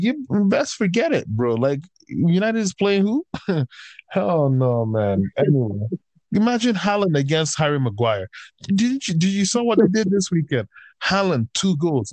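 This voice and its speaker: A man's voice: a little high, a little mellow, no room sound. A man ranting in casual chat, heated and profane, swinging between raised outbursts and tired, fed-up grumbling.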